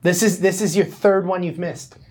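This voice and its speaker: A man playing a caring male parole officer who is patient but firm, talking in a calm, reasoning way. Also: sits high, normal speed, husky.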